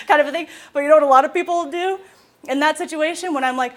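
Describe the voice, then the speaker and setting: High-voiced woman giving a lively talk. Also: fast. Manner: lively storytelling with laughs and acted quotes. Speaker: mental health specialist giving a talk. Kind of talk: informal talk to students.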